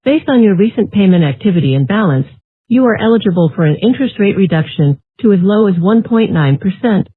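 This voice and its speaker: An automated female voice delivering a scam call message in a flat, robotic, repetitive way. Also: mid-range voice, a little fast, husky, no room sound. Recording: tinny phone line, dry.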